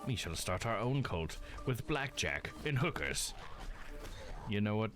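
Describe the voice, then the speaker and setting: Man, casual gaming banter, drawn-out and very animated in pitch. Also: over music.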